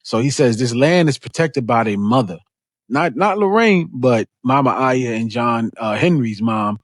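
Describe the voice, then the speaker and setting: A man co-hosting a casual book club discussion, relaxed, retelling scenes with quoted lines and casual slang. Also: mid-range voice, a little slow, no room sound, clean studio sound.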